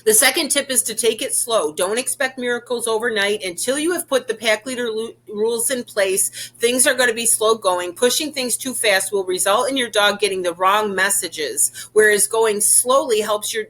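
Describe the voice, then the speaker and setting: A woman with a bright, fairly high voice explains how to handle a dog on walks. She talks in a loose, chatty way, says key phrases twice and keeps asking "okay?" as she goes. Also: normal speed, hardly any pauses. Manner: chatty, repeats points, often tags "okay?". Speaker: dog training presenter. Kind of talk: informal instructional talk.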